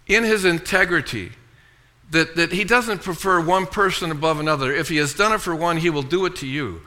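A man preaching a sermon as pastor, calling for "amen" and having the congregation repeat after him. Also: a little fast. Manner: preaching with call-and-response, frequent "amen" and "okay"; reads scripture aloud in a lower, softer voice.

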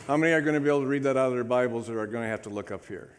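Rapid-fire and mid-range, a pastor's voice fills his church sanctuary during an upbeat, chatty sermon. He keeps asking the congregation for amens and lively responses.

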